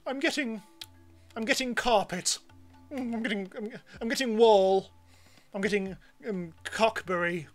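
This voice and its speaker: A man voicing a snooty, pompous male art critic, reading in a drawn-out, lofty way. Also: high voice, soft background music.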